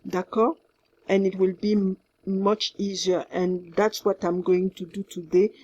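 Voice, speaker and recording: A woman with a French accent records instructions for her class. She talks slowly and carefully, repeating her points, with a slightly husky voice. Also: medium pitch, little pitch movement, darkish tone, muffled recording. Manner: slow, careful, repeats herself, mixes in French words. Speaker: French teacher.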